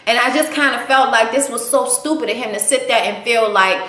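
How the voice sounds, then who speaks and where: A woman's voice: on the high side, fairly quick, fairly bright tone. Blunt, cussing woman in an echoey room. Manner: profane, blunt, opinionated. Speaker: TV show reviewer. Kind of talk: casual spoken recap.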